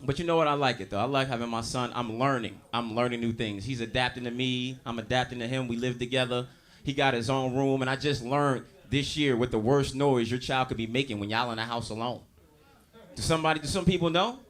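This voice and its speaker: Brash man doing stand-up, bright voice. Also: medium pitch, fairly even intonation, brisk. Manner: loud, brash, crowd-working delivery. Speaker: stand-up comedian. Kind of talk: stand-up comedy set. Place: comedy club in a diner, live audience.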